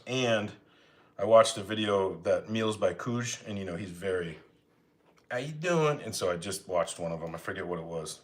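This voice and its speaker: A man hosting a live home cooking stream, chatting casually with viewers and greeting them by name as he cooks. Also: fairly low pitch. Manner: relaxed, rambling, greets chat by name. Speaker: cooking livestream host. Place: home kitchen.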